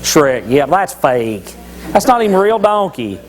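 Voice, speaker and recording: A man's voice: a little high, big pitch swings, a little slow, over music, rough recording. A man giving a folksy, joking devotional talk at church, telling Bible stories with many restarts. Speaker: lay church speaker.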